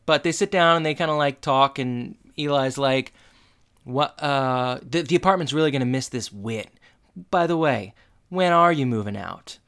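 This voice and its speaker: Guy retelling a tv episode, jokey, mid pitch, does little bits of the characters. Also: moderate pace, a bit bright, smooth. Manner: playful, acts out characters' lines. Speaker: podcast co-host. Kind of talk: casual chat recapping a TV episode.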